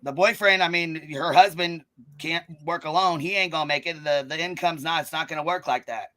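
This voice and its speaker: A woman hosting a live stream, ranting and calling people out in a combative, profanity-heavy way, with a notably low, bass-heavy voice. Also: fairly quick, pushed and bright. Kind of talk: live-stream commentary rant.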